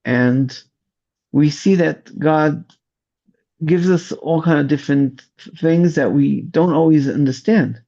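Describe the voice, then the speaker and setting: A man who commands rescue volunteers, telling his story slowly in an interview and searching for his words. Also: a little high, gravelly, dark tone. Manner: slow, searching storytelling with restarts. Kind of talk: interview testimony. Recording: dull lo-fi audio.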